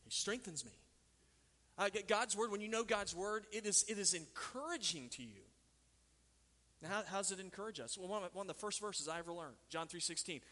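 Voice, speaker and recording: A man's voice: fairly high pitch, fast, sharp tone. A man from Texas preaching a sermon as pastor, telling stories in a conversational way and asking the congregation questions. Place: church sanctuary. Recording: reverberant hall.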